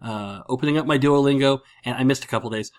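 A man's voice: medium pitch, fast. A middle-aged man from upstate New York, telling rambling stories and jokes in a casual podcast chat. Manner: rambling, jokey storyteller with many restarts. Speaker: podcast host.

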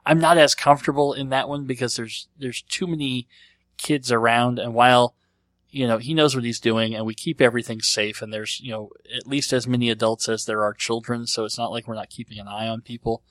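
A man's voice: mid-range voice, fairly even intonation, a little fast, a bit bright, no echo. A man hosting a casual podcast, answering listener questions in a rambling, conversational way as he thinks aloud. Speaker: podcast host.

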